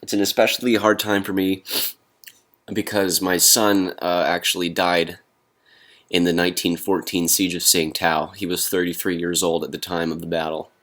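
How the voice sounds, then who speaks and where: A young man delivering a deadpan comedy monologue, halting and full of fillers. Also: low-pitched. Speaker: comedy vlogger.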